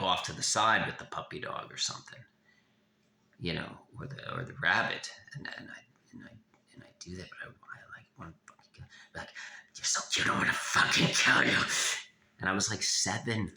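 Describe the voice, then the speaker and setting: A man giving a blunt, profane confessional monologue as an author, halting and restarting often. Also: deep voice, creaky, bright, forceful tone, reverberant, a little hiss or hum. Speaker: author of a self-help memoir.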